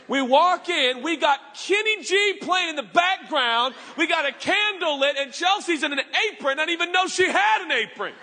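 High bright pastor preaching in a hall. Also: male voice, expressive, a little slow, a little hiss or hum. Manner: storytelling with restarts and bursts of raised shouting. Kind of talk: sermon. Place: church auditorium with live audience. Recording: long reverb of a large hall.

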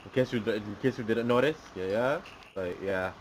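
A man's voice: lowish voice, moderate pace, slight background noise. A young man giving casual gaming commentary, chatty and prone to repeating himself. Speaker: gameplay commentator.

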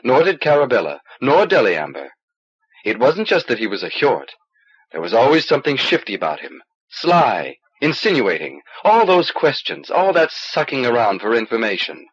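A man's voice: medium pitch, huge pitch swings, moderate pace, breathy edge, lo-fi sound. A man voicing a fierce, suspicious male companion who talks harshly, on an old cassette recording. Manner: harsh, blurting.

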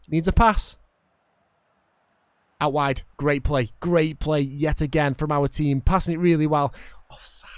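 Excitable gamer commentating. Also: male voice, fairly high pitch, smooth, no room sound. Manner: excitable, shouts at the referee and commentator, chatty with viewers. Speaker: gaming YouTuber. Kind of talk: game commentary.

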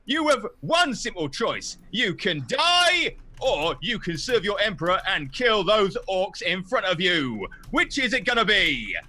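A man's voice: high voice, big pitch swings, a little slow, few pauses, sharp tone, exaggerated voice. A man voicing a stern commanding officer who gives troops a grim, menacing pep talk in a tabletop game. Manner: barking, menacing, intimidating.

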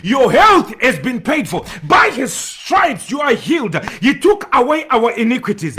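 Male preacher, emphatic sermon, high voice, lively pitch, husky. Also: moderate pace, hardly any pauses. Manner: emphatic, repetitive preaching with bursts of tongues.

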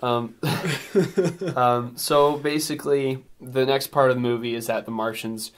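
A man's voice: medium pitch, fairly even intonation, measured pace, a little hiss or hum. A man co-hosting a casual podcast, rambling with lots of fillers and frequent laughs. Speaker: podcast co-host reviewing a film. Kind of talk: casual chat.

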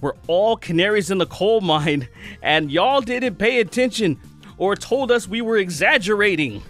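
A commentary YouTuber with a high-sitting, expressive, fairly bright voice rants at a moderate pace, delivering heated, sarcastic, profane commentary on online culture as a channel host. Faint music plays behind him.

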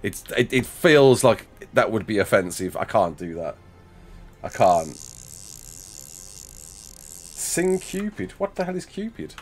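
A man's voice: fairly low pitch, sing-song, slow, long pauses, faint music behind. A man in his thirties chatting casually with his livestream chat while building in a game, reacting with laughs and sudden outbursts.

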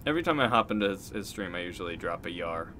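An excitable male streamer commentating his gameplay live, joking and swearing as he talks to chat. His pitch jumps around a lot, and steady background noise sits under his stream mic. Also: fast talker. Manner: excitable, joking, swears freely, chats to viewers. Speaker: game streamer.

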